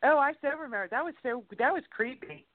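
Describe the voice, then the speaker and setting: Animated woman telling stories over a tinny line. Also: high-pitched, fast, no echo. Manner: animated storyteller, frequent exclamations and laughter. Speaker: co-host. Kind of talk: casual radio chat. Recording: tinny phone-like line, dry.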